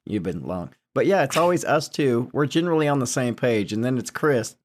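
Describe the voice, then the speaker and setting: A man's voice: mid-range voice, expressive, a little fast. A man co-hosting a casual podcast, rambling through jokey hypotheticals and laughing often. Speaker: podcast co-host. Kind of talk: casual chat.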